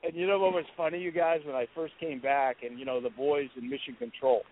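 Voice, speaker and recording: Male guest storyteller, animated, pops into a high voice for quotes; tinny phone-like audio. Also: brisk, slight background noise. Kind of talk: storytelling on a talk show. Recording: tinny phone-line sound.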